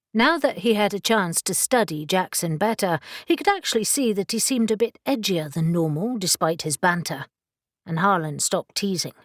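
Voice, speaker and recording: A woman narrating an audiobook in a steady, measured way. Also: mid-range voice, no echo, studio quality.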